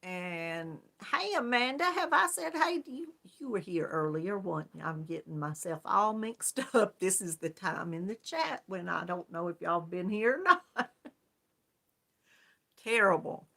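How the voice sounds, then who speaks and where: A woman's voice: on the low side, animated, a little slow, vocal fry, fairly bright tone. A woman hosting a casual live-stream chat, greeting viewers one by one and laughing often. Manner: chatty, friendly, laughs often. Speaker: yarn crafts channel host.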